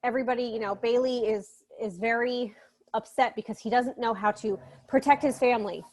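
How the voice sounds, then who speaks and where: A woman's voice: fairly high pitch, fairly even intonation, brisk, a little mellow. A woman literature instructor retelling a short story in a casual recorded lecture. She is chatty and irreverent, with sarcastic asides and some swearing. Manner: breaks off to scold a child nearby.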